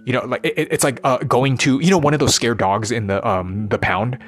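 A man's voice: medium pitch, steady tone, a little fast. Man, vlogger, rambling monologue, swears a lot, mid-range voice, intense. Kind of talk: unscripted monologue.

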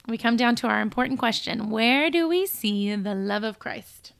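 Woman on a bible podcast, bit of vocal fry, reads verses and chats about them. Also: fairly high pitch, normal speed. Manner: reads scripture aloud, animated when quoting. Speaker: podcast co-host. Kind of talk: casual Bible study chat.

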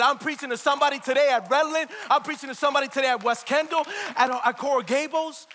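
A man preaching a lively sermon, emphatic, joking and having the congregation repeat words after him. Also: extremely high pitch, fast talker, hardly any pauses. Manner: laughs and jokes between points. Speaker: pastor. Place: large church hall, preaching live. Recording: long hall reverb.

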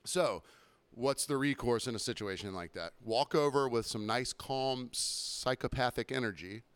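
A man's voice: mid-range voice, normal speed, a bit bright, smooth, no room sound. A man hosting a podcast, telling a story in casual chat, rambling and swearing often. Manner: profane, rambling, with acted quotes. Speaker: podcast host.

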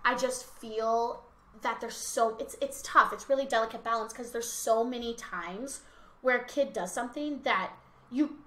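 A woman's voice: fairly high pitch, fairly bright tone. A young woman, a teacher, co-hosting a casual podcast and telling stories animatedly, acting out the kids' voices. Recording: roomy echo.

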